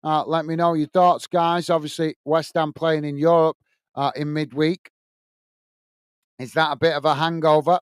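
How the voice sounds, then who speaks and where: A man's voice: on the high side, level tone, normal speed, smooth, no echo, clean studio sound. A man hosting a live football watch-along, chatting to viewers and reading their comments aloud. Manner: chatty, addresses viewers as guys and mate.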